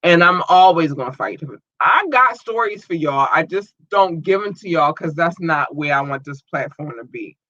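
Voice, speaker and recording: A woman's voice: deep voice, lively intonation, moderate pace, few pauses, pushed and bright, no room sound. A woman hosting a podcast, ranting in a blunt, profane, fired-up way, with dull lo-fi sound. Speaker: podcast host. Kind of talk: live podcast rant. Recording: dull lo-fi audio.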